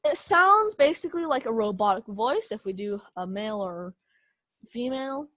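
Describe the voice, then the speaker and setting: A woman's voice: fairly high pitch, lively intonation, normal speed, fairly bright tone, no echo. A young woman teaching an online speech class over a video call, hesitant, with many fillers and small laughs. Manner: hesitant, many ums and kind-ofs, laughs often.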